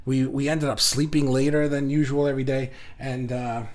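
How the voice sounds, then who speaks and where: A middle-aged man hosting a casual livestream, reading out viewer comments in an energetic, animated way, often restarting his sentences. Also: mid-range voice, moderate pace. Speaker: livestream host.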